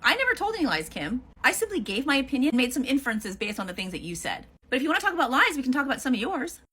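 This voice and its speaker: A woman's voice: high voice, big pitch swings, racing, a bit bright, slightly rough. A woman answering a critic in a heated response video, blunt and confrontational, swearing freely.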